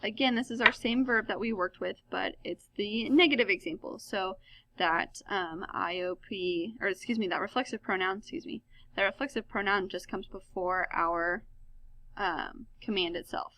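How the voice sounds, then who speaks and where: Bright-voiced woman teaching a Spanish lesson. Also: mid-range voice, normal speed, no room sound. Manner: explains step by step, self-correcting with fillers. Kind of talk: recorded classroom lesson.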